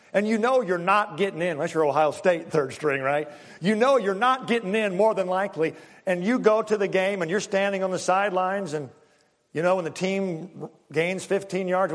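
A man, a pastor preaching a sermon in an animated, conversational way, acting out little scenes for the congregation. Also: high-pitched, in a large hall.

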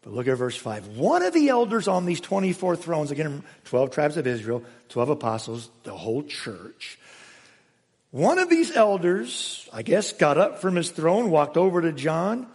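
A male pastor preaching with a highly animated, rising and falling delivery, booming one moment and dropping to a near hush the next. His voice sits high and a little husky. The sound carries the long reverb of a large church hall. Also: normal speed. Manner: dramatic, swings from loud exclamations to hushed asides. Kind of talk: sermon.

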